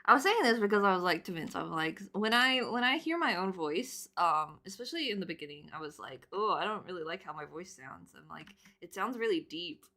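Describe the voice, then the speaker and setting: A woman in her twenties chatting casually while she draws on stream, rambling with lots of fillers and laughing loudly and often. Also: lowish voice, animated, fairly quick, hardly any pauses. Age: 20s.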